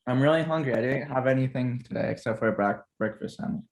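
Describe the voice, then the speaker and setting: A man's voice: mid-range voice, quick pace, vocal fry. A man hosting a podcast over a video call, chatting casually and rambling, often stumbling and restarting his words. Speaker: podcast host. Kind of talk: casual chat.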